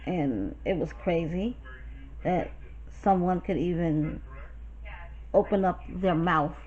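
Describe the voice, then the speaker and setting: A woman's voice: lowish voice, slow, dull audio. Blunt, profane woman from New York. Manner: blunt, profane, animated retelling. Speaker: YouTuber. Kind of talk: storytime vlog.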